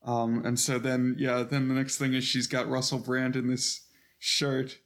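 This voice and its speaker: A man co-hosting a film podcast in a relaxed, casual way. His voice is at an everyday pitch. He reacts with dry amusement. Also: unhurried. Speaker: podcast co-host.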